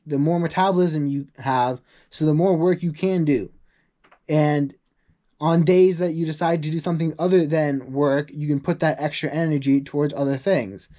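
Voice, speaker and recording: A young man chats through a rambling vlog with a slightly high-pitched voice. He fills his talk with "like" asides. When he quotes other people, he acts them out in a higher voice. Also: warm tone. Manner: chatty, rambling, full of "like" asides. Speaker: vlogger. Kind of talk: casual vlog monologue.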